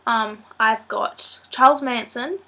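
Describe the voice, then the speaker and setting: A woman's voice: on the high side, slow, sharp tone. A girl in her late teens vlogging casually to camera, a little nasal from a blocked nose and sore throat, chatty and rambling with plenty of ums. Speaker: student vlogger. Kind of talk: casual vlog talk to camera.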